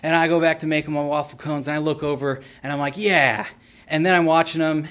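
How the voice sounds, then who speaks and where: A man telling a personal story on stage, animated and playful with a theatrical flair. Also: on the high side, quick pace, smooth. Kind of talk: live storytelling.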